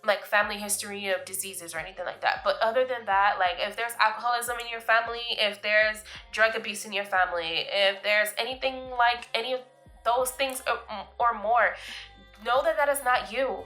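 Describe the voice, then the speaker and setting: Bright-voiced woman giving pep talks. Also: a little high, a little fast, faint music behind. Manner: chatty and emphatic, calls viewers "boo", laughs often. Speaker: vlog host giving life advice. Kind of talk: casual motivational talk to camera.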